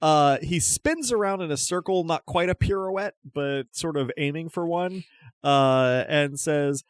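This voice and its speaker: A man narrating a tabletop game as game master, describing scenes in a relaxed way with frequent fillers. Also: on the high side, unhurried, no room sound.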